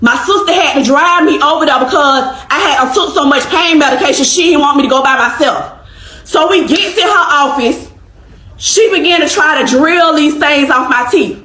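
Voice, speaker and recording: A woman's voice: high voice, normal speed, bright, forceful tone, echoey room. A woman vlogger telling a story in a casual, emphatic way and acting out the dialogue. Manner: emphatic, acts out quoted dialogue.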